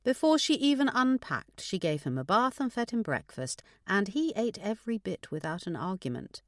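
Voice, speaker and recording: A woman narrating a suspense audiobook in a measured storytelling manner. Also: mid-range voice, big pitch swings, dry recording, clean studio sound. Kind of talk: scripted narration.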